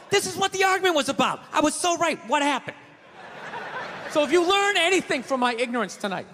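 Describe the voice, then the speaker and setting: High-pitched ranting male comedian. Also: a little hiss or hum. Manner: ranting, profane, loud bursts. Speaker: stand-up comedian. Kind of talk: stand-up routine. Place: live comedy venue before an audience. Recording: live hall reverb with audience.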